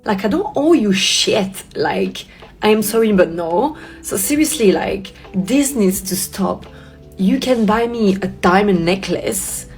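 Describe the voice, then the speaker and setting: A woman's voice: mid-range voice, slow pace, soft background music. Indignant swearing woman. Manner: animated, indignant, swears often. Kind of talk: telling a personal story to camera.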